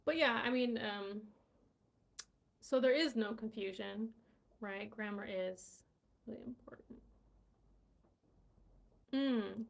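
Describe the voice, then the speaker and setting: A woman's voice: a little high, a little slow, creaky, pauses often, a bit bright. A woman hosting a casual live-stream English lesson, chatty, full of fillers and "right?" checks. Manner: chatty, many fillers and tag questions.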